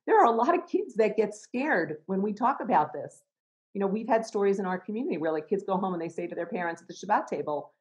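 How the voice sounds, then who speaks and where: A middle-aged woman, an educator and chaplain, speaking reflectively in an interview, with many restarts and soft laughs. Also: mid-range voice, animated, fast, rough recording.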